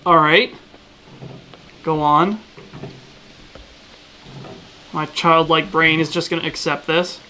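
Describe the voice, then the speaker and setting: Bright, jokey male streamer. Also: fairly high pitch, unhurried, a little hiss or hum. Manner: jokey, excitable, goofy asides. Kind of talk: casual game commentary.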